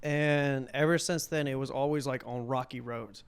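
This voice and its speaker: A young man in his twenties, a podcast guest and comic, telling casual stories into a podcast mic, animated and laughing, acting out scenes. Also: mid-range voice, moderate pace, smooth. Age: 20s. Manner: animated, laughing storyteller who acts out scenes. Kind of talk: casual storytelling. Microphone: podcast microphone.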